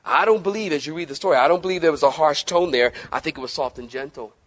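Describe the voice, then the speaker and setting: A male pastor preaching a sermon in a church, animated, swinging between loud emphasis and soft, gentle lines and joking with his congregation. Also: fairly high pitch, fast talker.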